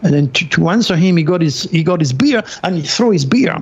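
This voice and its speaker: Male guest, French accent, lively raconteur, raspy edge, dull remote-call sound. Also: a little high. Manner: animated, excitable storyteller with halting non-native phrasing. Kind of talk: storytelling in an interview.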